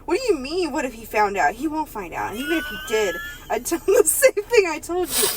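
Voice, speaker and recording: A woman with a fairly high voice that swoops up and down, chatting and reading aloud on a casual comedy podcast. She giggles a lot and slips into put-on voices for the characters. Faint noise sits under the recording. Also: huge pitch swings, brisk. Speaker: podcast co-host.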